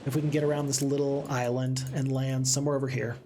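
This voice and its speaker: A man streaming a strategy game live, chatting and reading viewer comments aloud, with sudden excited outbursts. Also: medium pitch, fast, background noise.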